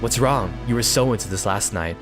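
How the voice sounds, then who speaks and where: A man's voice: on the low side, fairly quick, over music, natural voice. A man voicing a smug, menacing cult-leader husband while reading a game aloud.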